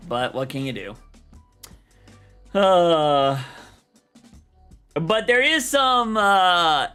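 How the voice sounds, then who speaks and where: A young man rambling in loose, slangy, animated talk as he chats on his livestream about comics. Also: a little high, clean tone. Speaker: streamer and comic podcast host. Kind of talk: casual livestream chat.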